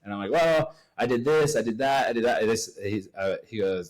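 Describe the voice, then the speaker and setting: A man from Uruguay, a podcast guest, talking with a fairly low voice. He tells his story in a casual, animated way and acts out other people's lines as he goes. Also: fairly quick, hardly any pauses, poor audio.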